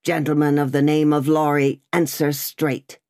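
A woman voicing a gruff, suspicious male coach guard who barks threats and challenges, in an audiobook. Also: low-pitched, level tone, normal speed, darkish tone, lightly acted. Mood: threatening. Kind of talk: audiobook character voice.

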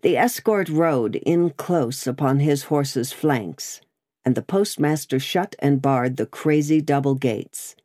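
An audiobook narrator with a low voice reads a scripted story in a measured, expressive way. The audio is dry and studio-clean.

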